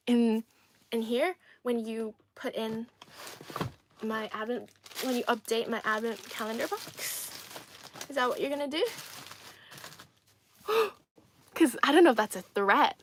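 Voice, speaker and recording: A woman's voice: fairly high pitch, unhurried, long pauses, dry recording. A young woman from China hosting a casual livestream, chatty and playful, laughing often and repeating herself as she reads comments. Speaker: livestream host.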